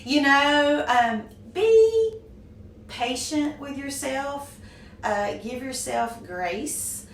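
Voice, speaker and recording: A woman's voice: sits high, expressive, extremely slow. Southern woman interviewed in an echoey room. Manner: warm, gracious, laughs often. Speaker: guest, small business owner. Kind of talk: conversational interview. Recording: echoey room from a distance, faint noise.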